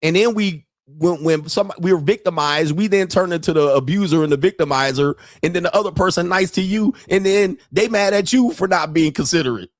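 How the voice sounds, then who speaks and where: A man's voice: high voice, a little fast, hardly any pauses, dry recording, clean studio sound. A man hosting a podcast who talks in loose, profane, comedic commentary, laughs often and acts out street exchanges. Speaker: podcast host.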